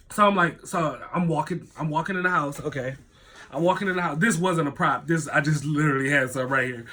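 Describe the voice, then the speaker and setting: A man telling a story to camera in casual storytime style, animated and swearing freely. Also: a little high. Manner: animated, swears often, acts out quoted voices.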